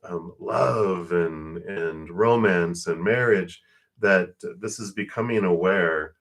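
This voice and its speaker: A man with a low-pitched voice reads tarot cards live for viewers, talking quickly and warmly about spirit and energy. He laughs frequently and keeps pointing out that he's out of breath.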